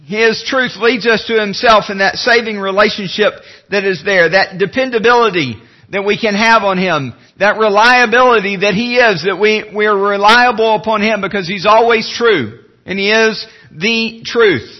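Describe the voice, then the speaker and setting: A man preaching a sermon as pastor, earnest, slowing and dropping low when he reads scripture. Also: dull audio. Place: church sanctuary.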